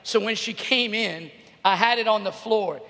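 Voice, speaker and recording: Animated middle-aged male youth speaker, high and bright, reverberant arena sound. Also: normal speed, vocal fry. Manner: animated, bursts into shouts and laughs. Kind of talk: comic storytelling to a live audience.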